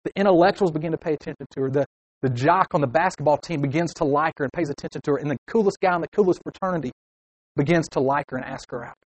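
A man's voice: on the high side, rapid-fire, no room sound, low-quality recording. A young man preaching a sermon, acting out short angry inner voices to make his points.

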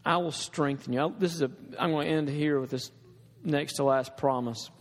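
A man's voice: a little high, fairly even intonation, normal speed, in a large hall. A man preaching a sermon in an earnest, conversational way, with restarts and asides to the congregation.

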